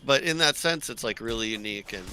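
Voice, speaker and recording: A man's voice: mid-range voice, lively intonation, fast talker, bright, forceful tone, a little hiss or hum. A man co-hosting a gaming stream, chatting casually in a rambling way with lots of fillers, over a voice chat mic. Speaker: stream co-host and gamer.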